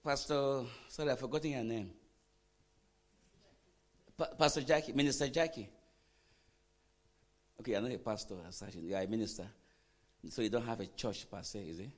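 A man preaching a sermon, quizzing the congregation with questions and swinging from quiet asides to loud emphatic bursts. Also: medium pitch, moderate pace, long pauses. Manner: animated preaching, call-and-response questions to the congregation. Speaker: pastor.

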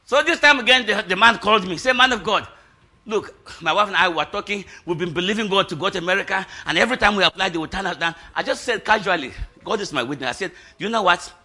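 A fast-talking middle-aged pastor gives an animated testimony sermon. He laughs between lines and shouts whenever he reaches a high point.

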